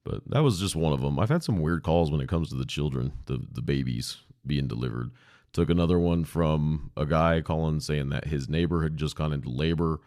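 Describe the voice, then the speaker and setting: Super deep-voiced guy telling old work stories on a podcast, cussing, dry sound. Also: fairly quick, a little mellow, dry recording. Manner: blunt, profane, laid-back. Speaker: podcast host, former emergency dispatcher. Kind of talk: casual anecdotal storytelling. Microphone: podcast microphone.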